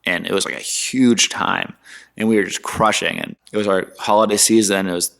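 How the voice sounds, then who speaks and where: Man, twenties, low-ish voice, animated, slangy, casual interview storytelling. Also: moderate pace, vocal fry. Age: 20s. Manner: animated, slangy, mimics others in quotes. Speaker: guest entrepreneur.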